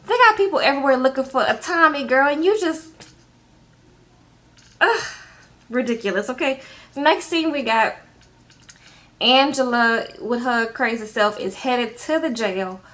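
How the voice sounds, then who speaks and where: A woman's voice: a little high, pushed and bright. Sassy, chatty woman on camera. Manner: chatty, sassy, peppered with "girl" and "okay". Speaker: recap vlogger. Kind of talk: casual reality-show recap.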